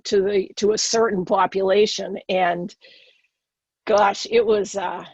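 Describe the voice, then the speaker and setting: A woman's voice: mid-range voice, fairly even intonation, slow pace, a little mellow, husky, dry recording, highs cut off. A middle-aged woman with a Boston accent, telling her personal story earnestly as a podcast guest.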